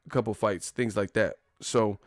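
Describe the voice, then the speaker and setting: A man's voice: on the low side, fairly even intonation, normal speed, dry recording, studio quality. A man hosting a boxing livestream, talking in a casual, profane, joking way and laughing often. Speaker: boxing YouTuber.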